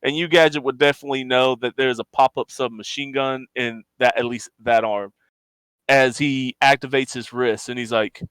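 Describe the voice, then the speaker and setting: Guy running a tabletop game, bright clean voice, dry sound. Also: medium pitch, steady tone, moderate pace, smooth, no echo. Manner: rambling, descriptive narration. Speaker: game master.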